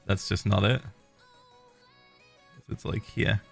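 A man's voice: lowish voice, flat delivery, slow, creaky, breathy edge, faint music behind. A man in his thirties chatting casually on a livestream, swearing freely and muttering little sound effects while he builds. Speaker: streamer.

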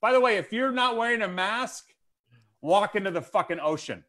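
A man's voice: high voice, expressive, normal speed, bright, forceful tone. A man doing stand-up comedy on a video call, rambling through profane, goofy riffs with lots of swearing.

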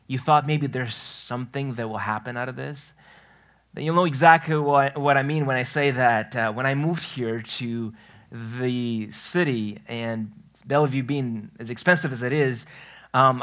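A man pastor delivers a relaxed, conversational sermon in a church, with a voice of ordinary middle pitch. He tells stories in a chatty way, restarts his phrases often and slips into loose, everyday talk. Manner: storytelling, chatty, self-correcting, laughs at his own story. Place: church sanctuary.

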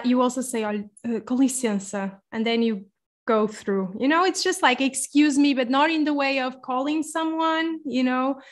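A young woman with a Portuguese accent teaching phrases in a patient online lesson, repeating words slowly. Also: a little high. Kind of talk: slow explanatory online lesson.

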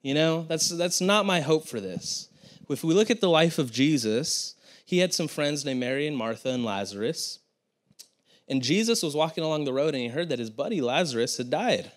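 A man's voice: on the high side, lively intonation, moderate pace. A young man, a pastor, giving a sermon in an earnest, conversational way, with frequent restarts and asides to the congregation.

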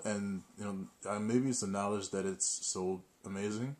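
A man with a deep, low voice talks through an unboxing in a loose, chatty way. He jokes at his own expense and keeps a playful, easygoing tone. A faint hiss of noise sits under his voice. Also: steady tone, normal speed, a little mellow. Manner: playful, chatty, self-mocking. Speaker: video host. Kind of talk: casual unboxing narration.

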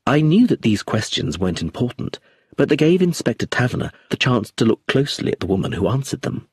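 A man with a husky voice narrating an audiobook in an expressive, measured reading. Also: medium pitch, dry recording, studio quality.

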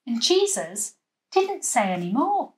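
A woman leading a children's church session, telling a Bible story with lively voices and asking the children at home to join in. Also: on the high side, takes it slowly. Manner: animated, acting out the story with voices and gestures.

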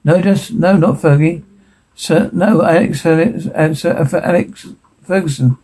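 A muddled, brash middle-aged duchess in a sitcom, her voice soft and husky with a mellow, dark tone. She rambles and keeps correcting herself mid-sentence. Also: deep voice, normal speed. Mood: flustered. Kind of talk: sitcom acting.

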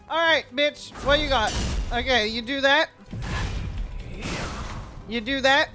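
Woman streamer, high voice, unhurried, profane trash talk, live gameplay commentary, faint music behind. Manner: profane, trash-talks enemies while playing; chats with viewers between fights.

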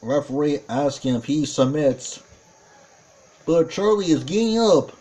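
A man calling a tag team wrestling match play by play, excitable, with frequent exclamations and self-corrections. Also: on the high side, measured pace. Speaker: wrestling commentator. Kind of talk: play-by-play commentary.

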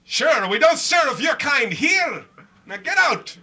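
A man voicing a boisterous stage-Irish character in a deliberately bad, overdone lilt, pitched above his usual voice. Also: very animated, sharp tone, exaggerated voice. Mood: mock-gruff. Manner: slow, jokey, deliberately bad accent.

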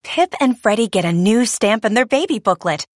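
A woman reading a children's storybook aloud in an expressive way. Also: fairly high pitch, moderate pace. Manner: lively, expressive. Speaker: storybook reader.

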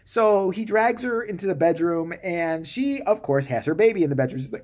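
A man's voice: sits high, animated, moderate pace, hardly any pauses, a little mellow. A man giving a comedic, sarcastic movie-review rant, swearing freely and acting out the characters' lines.

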